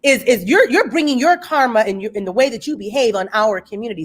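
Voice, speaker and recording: High, lively emphatic woman host. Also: quick pace. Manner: emphatic, preacherly, repeats points for stress. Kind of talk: impassioned discussion.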